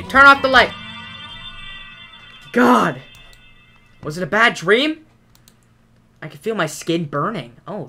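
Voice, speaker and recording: A gaming creator with a medium-pitched voice plays a horror game, reading the on-screen text aloud and joking back at it. In tense moments they sometimes yell playfully.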